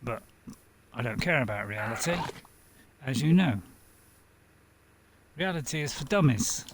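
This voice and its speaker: A man's voice: mid-range voice, sing-song, moderate pace, long pauses, a little hiss or hum. A man giving casual gameplay commentary as a streamer, rambling, talking to himself and chuckling often. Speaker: game streamer.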